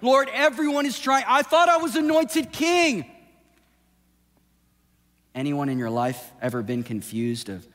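A male pastor preaching a sermon, swinging from impassioned shouting down to a hushed, intimate delivery. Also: extremely high pitch, expressive, a little slow, long pauses. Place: church sanctuary. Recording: long hall reverb with soft music behind.

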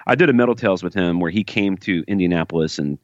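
A man's voice: low-pitched, fast, no room sound, muffled recording. A man co-hosting a podcast, reading listener emails aloud with jokey asides in casual chat.

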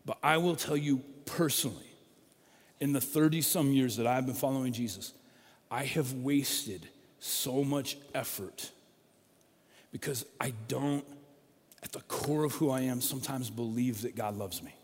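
A man's voice: medium pitch, a little slow, husky, long reverb tail. A middle-aged man, a pastor, delivering a conversational sermon that rises into emphatic, repeated stresses.

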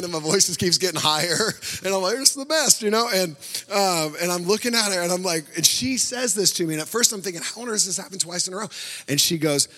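A man delivers a sermon in a fairly high, bright and forceful voice. He tells stories with animated energy and laughs often. His voice rings out with the long reverb of a large church hall. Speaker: pastor.

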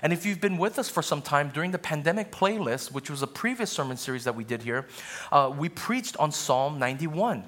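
A man's voice: on the high side, lively intonation, a little fast, fairly bright tone. A male pastor preaching a sermon in an earnest, conversational way, with asides to the congregation.

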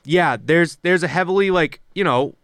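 This young man co-hosts a laid-back hockey podcast, swearing often and tossing in quick asides. His voice is a little high and fairly bright, with no room sound.

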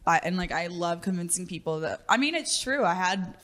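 A woman's voice: lowish voice, animated, brisk, a bit bright. A young woman co-hosting a podcast in casual chat, talkative and giggly, with lots of fillers. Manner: chatty, giggly, filler-heavy. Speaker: podcast co-host.

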